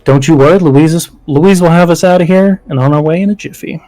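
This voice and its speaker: A man's voice: a little high, fairly quick, warm tone, dry recording, soft background music, pitched above the performer's own voice, close to an everyday voice, low-quality recording. A man voicing a cheerful tour-bus guide with a folksy, upbeat patter. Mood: chirpy.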